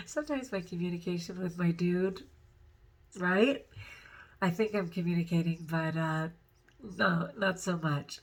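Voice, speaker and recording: Her pitch fairly low and her pace measured, broken by long pauses, a woman rambles and giggles through a casual personal vlog for her viewers. Overtired and upset, she seems close to crying.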